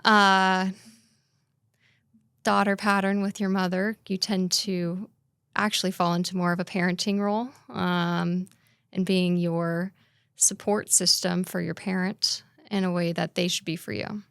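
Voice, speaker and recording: Female guest, crisp clear voice, dry close sound, earnest and tentative. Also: lowish voice, level tone, measured pace, fairly bright tone, no echo. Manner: earnest, agreeable, a bit hesitant. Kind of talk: casual chat.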